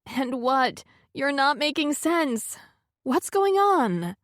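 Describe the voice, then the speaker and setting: A woman narrator plays a protective friend who takes charge, stern and pushy, her voice set higher than the narration. Every line comes as a firm question or order. The recording is dry and close. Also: big pitch swings, slow pace, dry recording, full character voice. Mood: stern concern.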